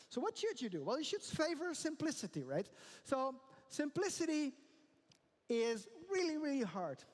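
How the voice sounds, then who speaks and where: A middle-aged man giving a conference talk, emphatic, often checking in with "right?". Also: extremely high pitch. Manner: tags sentences with "right?", animated and emphatic. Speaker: conference speaker. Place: large conference hall. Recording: long hall reverb.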